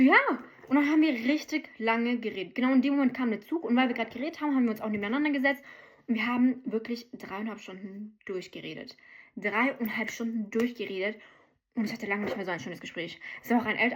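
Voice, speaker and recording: A young woman chatting straight to her viewers in a casual vlog, ranting and telling a travel story. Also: on the high side.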